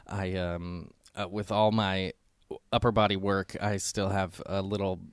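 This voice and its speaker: Low-voiced joking podcast host, man. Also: little pitch movement, measured pace, dry recording. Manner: joking, swears casually. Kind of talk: casual comedic chat. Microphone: headset.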